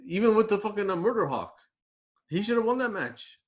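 A man's voice: high voice, sing-song, fairly quick. A man in casual wrestling chat, blunt and swearing freely.

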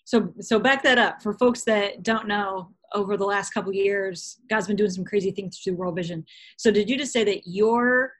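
A woman's voice: mid-range voice, normal speed, a bit bright. A woman interviewing a guest, asking prompting, curious questions. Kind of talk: casual interview.

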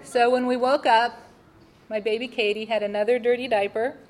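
A woman telling a personal testimony, expressive and laughing at her own mishaps. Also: on the high side, moderate pace. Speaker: speaker sharing a personal testimony. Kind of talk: personal storytelling.

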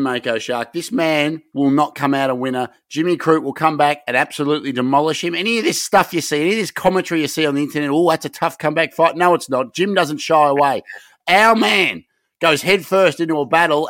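Excitable Australian man, dry close sound. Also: on the high side, no room sound. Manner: rowdy, sweary, excitable rants. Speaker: podcast co-host. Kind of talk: hyped casual chat.

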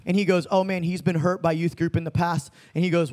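A man's voice: fairly high pitch, fast talker, few pauses. A young man preaching a casual sermon, telling stories in laid-back slang and acting out the people in them. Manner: laid-back slang-filled, animated retelling. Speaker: youth preacher.

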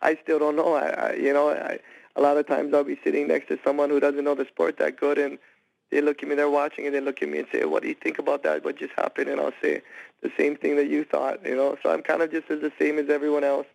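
A man from Hawaii speaking as a guest on a phone interview, talking haltingly with many restarts and fillers. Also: fairly high pitch, completely flat delivery, vocal fry, poor audio. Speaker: guest fighter.

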